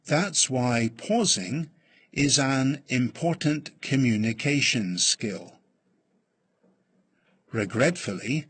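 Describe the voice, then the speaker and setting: A man reading a lesson script aloud slowly and deliberately, with long pauses, as a reading teacher. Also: medium pitch, a bit bright, husky. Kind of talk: slow scripted read-aloud.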